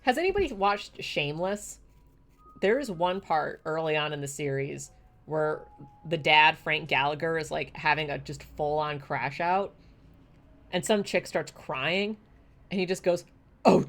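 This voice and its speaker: A woman's voice: sits low, measured pace, a bit bright. A woman live-streaming a game, chatty and casual, who squeals and swears when something surprises her. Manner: chatty and casual, laughs often.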